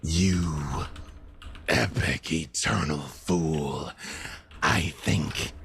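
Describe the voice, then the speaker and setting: A man voicing a cruel male warlord villain who speaks with slow, gloating menace in a tabletop game. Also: very deep voice, vocal fry, a bit bright, pitched below the performer's own voice, exaggerated voice.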